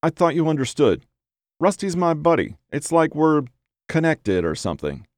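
A man's voice: on the high side, big pitch swings, normal speed, no echo, clean studio sound, voice pushed up. A man voicing an easygoing young man who loves his dog, talking in a soothing, laughing way. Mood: amused, soothing.

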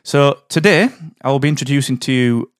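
A man's voice: medium pitch, fairly quick, no echo, clean studio sound. A man hosting a business podcast, introducing his guest in an upbeat, chummy way. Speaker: podcast host.

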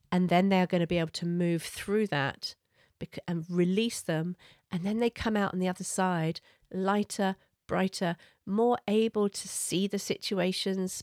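Gentle low-voiced woman giving parenting advice. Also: dry recording, clean studio sound. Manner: gentle, earnest, explanatory. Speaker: parenting coach.

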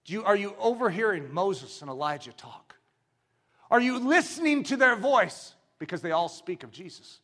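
A man preaching a sermon, swinging from quiet, probing questions to drawn-out shouted proclamation. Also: high-pitched, lively intonation.

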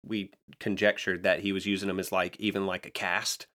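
A man co-hosting a podcast in casual chat, calmly recapping scenes and reading out lines. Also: deep voice, brisk. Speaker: podcast co-host recapping a manga.

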